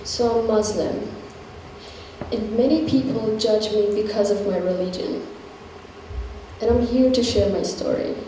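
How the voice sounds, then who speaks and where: A woman telling her own story in an earnest, measured way as a scripted stage testimony, recorded from a distance in an echoey hall. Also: mid-range voice, steady tone, warm tone. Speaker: performer sharing a personal story. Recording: echoey hall, distant mic, faint noise.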